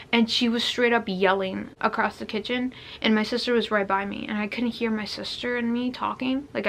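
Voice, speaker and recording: A woman's voice: a little high, fairly bright tone, a little hiss or hum. A young adult woman rambling casually through a storytime vlog, restarting sentences and saying "like" a lot. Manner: rambling, heavy use of "like", frequent restarts. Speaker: vlogger.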